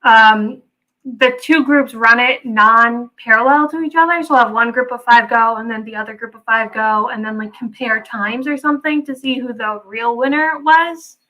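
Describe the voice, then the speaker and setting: A woman's voice: fairly high pitch, moderate pace, pushed and bright, poor audio. A young woman co-hosting a casual recap podcast, hesitant and trailing off at the end of her points. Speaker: podcast co-host.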